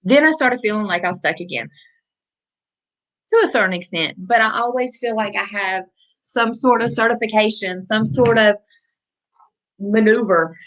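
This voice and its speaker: A woman's voice: medium pitch, rough recording. A woman life coach giving a motivational talk, speaking conversationally and repeating phrases for emphasis.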